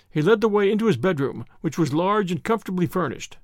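A man reading a classic detective story aloud in an expressive narration. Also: sits high, quick pace, hardly any pauses, no echo, clean studio sound.

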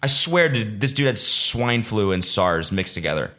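A man's voice: lowish voice, very animated, moderate pace, bright, forceful tone. A young man hosting a solo podcast, ranting in a profane, rambling, exasperated way and slipping into mocking voices. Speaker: podcast host. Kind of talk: casual solo podcast rant.

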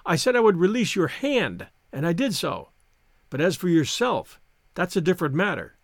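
A teasing, gallant young soldier, played by a male audiobook reader. He speaks playfully in a high, animated voice. The recording is dry and close. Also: moderate pace, creaky, dry recording, full character voice. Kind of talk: audiobook reading.

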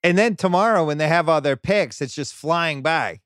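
A man hosting a podcast, chatting casually about sports and acting out quotes in sudden high bursts. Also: animated, normal speed, fairly bright tone, clean tone, no echo, clean studio sound. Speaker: podcast host.

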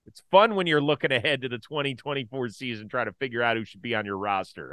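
A man co-hosting a baseball talk show, chatting casually, swinging from loud jokes to mumbled asides. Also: mid-range voice, fast, hardly any pauses, dry recording.

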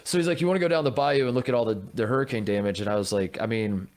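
A man's voice: medium pitch, very fast, a little mellow. A man co-hosting a podcast, telling a story in casual chat with lots of restarts and stammers. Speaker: podcast co-host.

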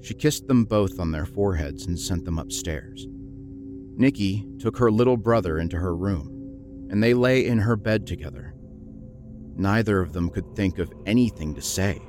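A man narrating a horror story in a measured, grim storytelling manner. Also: low-pitched, a little mellow.

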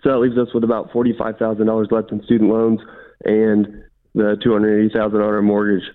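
Man, 20s, radio caller, polite, flat low voice, tinny phone line. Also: fast. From Illinois. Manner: polite, steady, matter-of-fact. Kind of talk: phone call to radio show.

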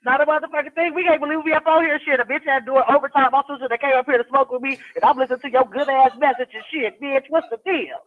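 A woman from the Los Angeles area calling in to a live show, rowdy, excitable and full of profanity. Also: high-pitched, racing, hardly any pauses. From Los Angeles area, USA. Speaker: caller. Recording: tinny phone line.

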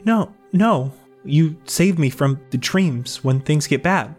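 A man's voice: on the high side, animated, darkish tone, husky, soft background music, full character voice. Celeste, a jittery haunted young woman, as a man puts her on. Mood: urgent. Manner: halting, stammering, earnest.

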